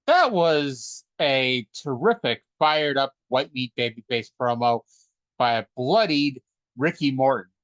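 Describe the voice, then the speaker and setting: A man's voice: medium pitch, lively intonation, measured pace, a bit bright, dry recording. A man co-hosting a wrestling podcast, joking and rambling in casual chat. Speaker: podcast co-host.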